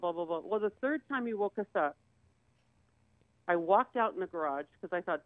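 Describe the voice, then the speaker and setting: A woman's voice: medium pitch, expressive, brisk, no room sound. A woman guest on a talk show telling a personal story candidly, acting out the voices of the people in it. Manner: candid, acts out quoted voices. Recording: tinny phone-like dry sound.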